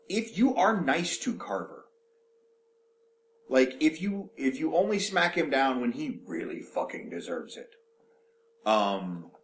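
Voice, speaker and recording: A man co-hosting a podcast, talking in an animated, rambling way with casual swearing. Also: mid-range voice, slight background noise. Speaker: podcast co-host.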